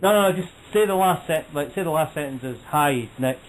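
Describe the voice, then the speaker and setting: Higher-voiced man, joking co-host. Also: animated, poor audio. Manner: joking, quick to agree. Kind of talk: casual chat. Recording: faint background noise.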